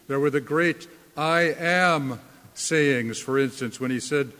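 A man preaching a sermon as a pastor, slow and deliberate, leaning hard on key words. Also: fairly high pitch, bright, forceful tone, in a large hall.

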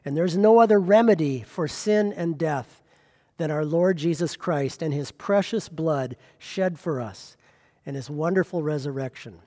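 High-voiced preaching man in a reverberant hall. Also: a little slow, dark tone. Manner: impassioned preaching with rhetorical questions. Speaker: pastor. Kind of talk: sermon.

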